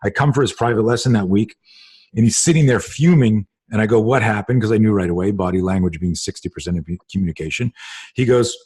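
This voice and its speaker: Husky, profane middle-aged man telling stories. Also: on the low side, a little fast. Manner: animated, profane storyteller acting out dialogue. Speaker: self-defense instructor and podcast host. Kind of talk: storytelling in a casual interview.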